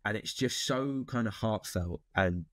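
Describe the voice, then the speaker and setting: A man's voice: lowish voice, a little slow, no echo. A man, a guest in an interview, talking thoughtfully about films with many restarts. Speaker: actor guest. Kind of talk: casual interview chat.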